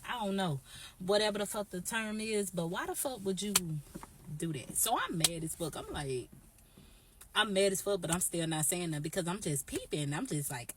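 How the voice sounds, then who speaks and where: A woman vlogger telling an animated, profane, slangy story straight to camera. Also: mid-range voice, unhurried, a little hiss or hum. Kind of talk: storytime vlog.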